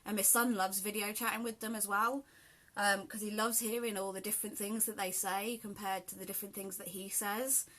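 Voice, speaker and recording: A woman's voice: mid-range voice, flat delivery, a little fast, a bit bright. Chatty woman with a mixed southern and Yorkshire accent. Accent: southern English mixed with South Yorkshire. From southern England. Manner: chatty, greets live viewers by name. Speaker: sewing host. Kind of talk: live sew-along tutorial.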